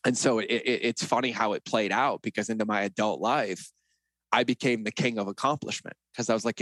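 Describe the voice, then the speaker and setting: A man's voice: fairly low pitch, steady tone, fairly quick, a bit bright, no room sound. A middle-aged man as a podcast guest, telling personal stories in an earnest, reflective way. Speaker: interview guest. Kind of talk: conversational interview.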